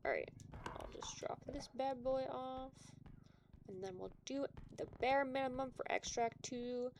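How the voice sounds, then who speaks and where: A woman's voice: sits high, a little slow. A woman streaming a video game, giving playful, self-mocking commentary as she plays. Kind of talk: gaming commentary.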